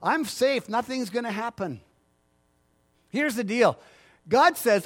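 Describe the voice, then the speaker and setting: A man's voice: extremely high pitch, lively intonation, slow, long pauses. A middle-aged male pastor preaching a sermon, emphatic and repetitive, asking the congregation for agreement.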